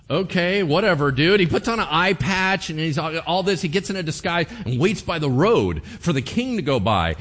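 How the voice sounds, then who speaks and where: A man's voice: on the high side, very animated, moderate pace, few pauses, fairly bright tone. A male pastor preaching a sermon in a casual, joking storytelling manner, laughing often.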